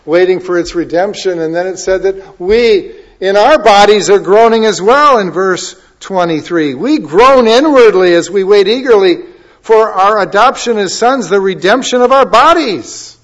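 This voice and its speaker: A man preaching a sermon in a conversational, expressive way, moving from loud emphasis to quiet asides. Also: high voice, normal speed. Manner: conversational, expressive preaching with wide swings in loudness. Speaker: pastor.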